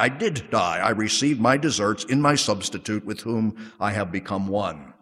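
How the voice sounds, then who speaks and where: A man preaching a sermon with measured, emphatic delivery, slowing to stress key words. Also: on the low side, big-room sound. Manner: measured emphatic preaching, drops to soft prayer.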